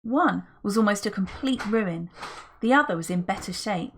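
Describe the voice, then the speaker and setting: A woman's voice: mid-range voice, animated, moderate pace, slight background noise. A woman reading a children's adventure book aloud as a narrator, telling the story expressively. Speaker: audiobook reader.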